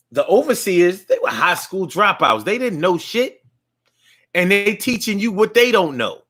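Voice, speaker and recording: A man's voice: a little high, fairly bright tone. A man talking in a casual monologue, rambling along with frequent restarts and fillers.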